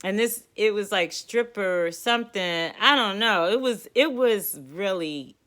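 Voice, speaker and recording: A woman from the Washington DC area telling a personal story in a casual, animated, exasperated way. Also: medium pitch, unhurried.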